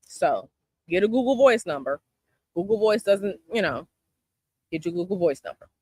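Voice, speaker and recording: A woman's voice: lowish voice, animated, moderate pace, darkish tone, breathy edge, dry recording. A woman from Chicago hosting a casual chat with her viewers outdoors, sassy and emphatic, repeating her advice. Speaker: tarot channel host. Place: outdoors by a palm tree, planes overhead.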